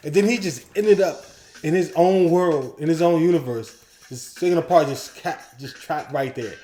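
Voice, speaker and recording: Excitable man in an echoey room. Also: a little high, moderate pace, soft background music. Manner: excitable, quotes characters in animated bursts. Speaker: podcast co-host. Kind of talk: casual chat, ranking episodes.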